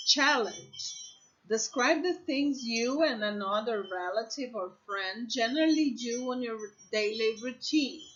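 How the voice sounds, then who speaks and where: Slow, patient woman English teacher. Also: on the high side, fairly bright tone, lo-fi sound. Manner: patient, repeats examples and checks with "okay?". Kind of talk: slow, deliberate classroom explanation.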